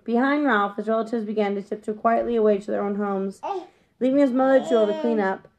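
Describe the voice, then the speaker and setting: A woman gently reading a children's chapter book aloud, sometimes correcting herself mid-sentence. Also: fairly high pitch, fast talker, muffled recording, crowd noise. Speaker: storybook reader.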